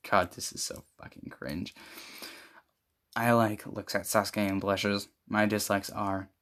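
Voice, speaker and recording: A man's voice: on the low side, steady tone, a little slow, fairly bright tone. A young man casually reading fan fiction aloud, stumbling over words and adding mocking asides.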